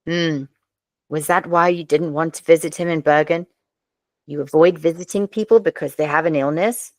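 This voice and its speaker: A woman reading the lines of a weary, brooding male detective in a terse, flat way. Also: deep voice, moderate pace, dry recording, studio quality, lightly acted.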